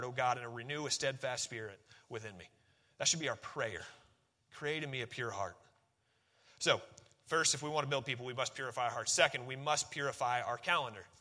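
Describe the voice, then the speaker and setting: A man's voice: fairly high pitch, pushed and bright. A man preaching a sermon, conversational and emphatic, often repeating key phrases. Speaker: pastor.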